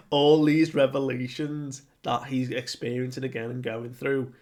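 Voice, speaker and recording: A man's voice: mid-range voice, level tone, measured pace, a little mellow. A young man chatting casually through a comic chapter recap, full of fillers and acted-out quotes. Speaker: anime and manga reviewer.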